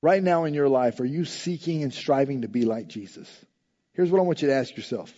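Male pastor, sermon delivery, mellow voice, slightly muffled lo-fi recording. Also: expressive, a little fast. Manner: impassioned preaching, rising loud and high in acted prayers.

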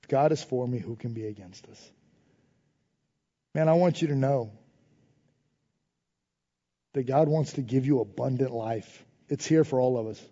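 A man preaching a sermon in informal phrasing, building to emphatic refrains and dropping to soft prayerful tones. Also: mid-range voice, in a large hall, dull audio. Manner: preaching with rising emphasis, repeated refrains and call-and-response. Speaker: pastor.

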